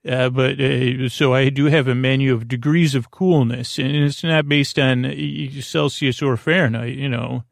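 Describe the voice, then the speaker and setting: A man hosting a bedtime podcast, talking in a meandering, self-interrupting way with deadpan jokes and a creaky voice. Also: mid-range voice, unhurried, hardly any pauses, no room sound, studio quality. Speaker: podcast host. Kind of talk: rambling bedtime podcast monologue.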